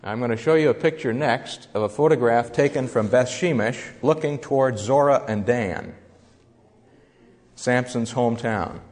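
A man at an ordinary middle pitch teaches a Bible lesson, walking listeners through slides in a plain, explanatory manner. His voice carries a long reverb, as if recorded in a large hall. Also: normal speed, darkish tone.

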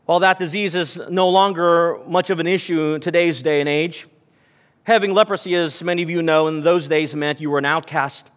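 Speaking a little fast in a slightly high, steady voice, a pastor delivers a sermon in a large hall. He tells stories, reads scripture aloud, and speaks directly to the congregation.

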